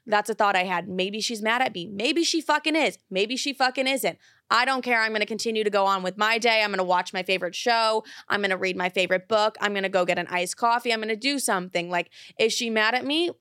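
A woman's voice: mid-range voice, fast talker, fairly bright tone, no room sound, studio quality. A young woman hosting an advice show, giving blunt, profane, emphatic advice in a casual way. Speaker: advice podcast host.

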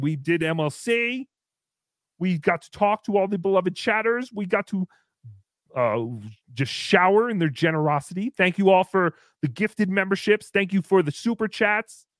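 Man hosting comedy stream, high voice, dry close sound, mocking and goofy. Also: no room sound. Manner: goofy, mocking, jumps into loud cheers. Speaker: livestream host. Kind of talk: casual comedy livestream chat.

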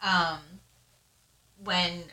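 A woman co-host reads listener letters aloud in a bright voice, stumbling now and then. Between readings she rambles casually with lots of fillers. The room around her is echoey. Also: on the low side, flat delivery, very slow, a little hiss or hum. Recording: roomy echo.

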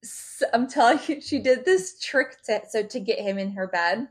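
A woman's voice: a little high, animated, moderate pace, slightly rough. A woman co-hosting a laid-back chat show, spinning gossipy stories with plenty of swearing. Her delivery is loose and conversational, full of fillers and asides. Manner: gossipy storyteller, swears freely. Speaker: podcast co-host. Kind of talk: casual chat.

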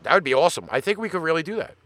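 A man's voice: a little high, sing-song, rapid-fire, a bit bright, no room sound. A man with a Brooklyn accent, hosting a casual radio show and swearing freely in blunt banter. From Brooklyn, New York.

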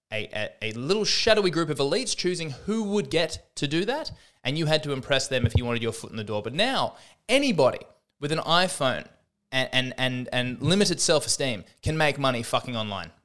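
A man riffs through a comedic podcast monologue, stumbling into restarts and joking at his own expense. His voice is smooth and resonant, sitting in a middle pitch. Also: sing-song, moderate pace, a bit bright. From Australia. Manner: rambling, self-deprecating, with frequent restarts. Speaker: podcast host.

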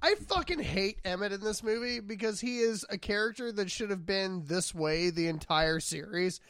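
High-voiced gravelly man, blunt and profane. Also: moderate pace, fairly bright tone, no echo. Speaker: podcast co-host. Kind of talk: casual movie chat.

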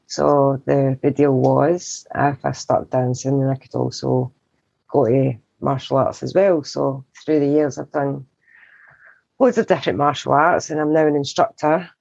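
A woman's voice: a bass voice, fairly even intonation, measured pace, vocal fry, a little mellow, no echo, muffled recording. A woman from Scotland with a Scottish accent, a guest in casual podcast chat who laughs often.

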